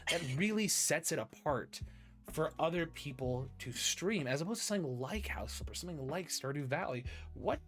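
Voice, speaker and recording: A man's voice: a little high, expressive, a bit bright, faint music behind. A man chatting casually on a podcast, asking rambling questions and restarting his sentences. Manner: rambling, restarting, quick to laugh. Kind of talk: casual chat.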